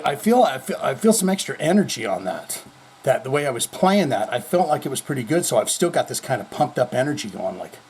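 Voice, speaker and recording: A man with a slightly rough mid-range voice hosts a heavy metal news podcast from his home. Rambling, joking and swearing heavily, he swings suddenly in loudness, and people are moving things around in the background.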